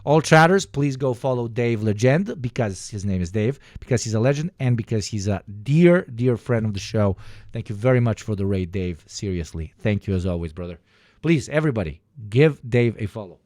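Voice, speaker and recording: A man's voice: on the low side, lively intonation, fairly quick, a little mellow, dry recording, studio quality. A man streaming casual commentary over news clips, sarcastic and swearing, joking between remarks. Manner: sarcastic, swearing, jokey asides.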